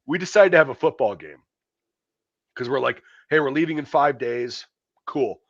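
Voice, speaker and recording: A man's voice: mid-range voice, expressive, normal speed, no echo. A middle-aged man swaps blunt, profanity-laced army stories in a casual chat. The recording is dry and a bit dull and lo-fi. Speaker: podcast host.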